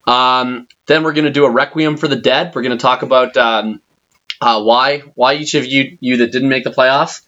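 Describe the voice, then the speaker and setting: A man's voice: medium pitch, fairly even intonation, moderate pace, bright, forceful tone. A young man co-hosting a podcast, teasing his friend in a mock-serious way. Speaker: podcast co-host. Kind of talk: casual chat. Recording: dull lo-fi recording.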